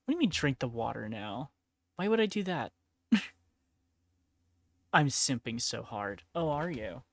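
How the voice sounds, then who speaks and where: A woman's voice: low-pitched, sing-song, slow. Giggly, profane streamer woman. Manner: laid-back, giggly and profane. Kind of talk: casual chat while painting miniatures.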